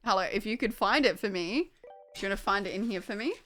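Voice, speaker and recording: A woman's voice: mid-range voice, lively intonation, fast, a bit bright, soft background music. A young woman casually chatting on a livestream at home, distracted by her dogs, swearing and laughing.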